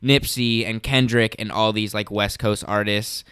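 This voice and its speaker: A young man co-hosting a podcast, telling stories in an excited, rambling way full of "like". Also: fairly low pitch, moderate pace, clean tone, no echo. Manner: excited, rambling storyteller with many "like"s. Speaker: podcast co-host. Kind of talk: casual chat.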